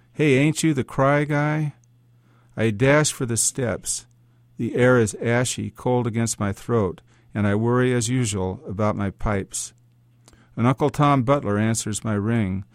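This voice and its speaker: A man's voice: mid-range voice, dry recording. A man reading first-person literary fiction aloud in a wry, hard-boiled manner, in a dry, close recording. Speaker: story reader.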